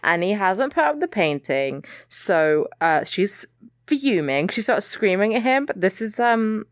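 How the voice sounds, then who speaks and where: A woman's voice: medium pitch, big pitch swings, a little slow, no room sound, clean studio sound. A woman co-hosting a podcast in casual chat, joking at her own expense and acting out characters. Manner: joking, self-deprecating, quoting characters. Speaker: podcast co-host.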